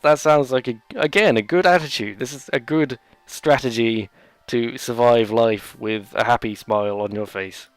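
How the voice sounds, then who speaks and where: A man at a mid pitch talks over his gameplay with a rambling, sarcastic humor and keeps tossing in jokey asides. His voice sits close and dry on the mic, with no room sound at all. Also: smooth, no echo. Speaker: let's play host. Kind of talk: gameplay commentary.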